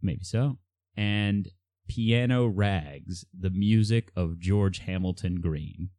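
Very deep-voiced male podcast host. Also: slow pace, dark tone, dry recording, studio quality. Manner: hesitant, many uhs, reads out quiz items. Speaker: podcast co-host running a quiz. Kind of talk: casual chat.

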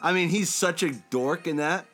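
A young man co-hosting a casual podcast chat, animated and swearing freely as he acts out movie scenes. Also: on the high side, normal speed, soft background music. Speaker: podcast co-host.

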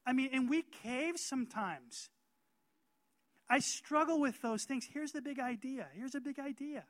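Man, pastor, sermon, slow deliberate delivery, dry close sound, emphatic. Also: very high-pitched, dry recording. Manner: emphatic, rising to loud calls for amen.

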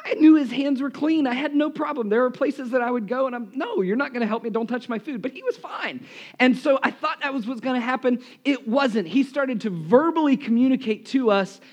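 High-voiced pastor, hoarse, telling stories. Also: male voice. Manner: animated, self-deprecating storyteller. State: losing his voice. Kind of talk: live sermon with storytelling. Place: church, in front of a congregation. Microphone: live microphone.

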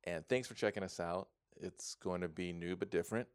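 Low-voiced man joking on a podcast. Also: a little fast, clean tone, dry recording, studio quality. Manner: jokey, rambling, laughs often. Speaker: podcast co-host. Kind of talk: casual movie podcast banter.

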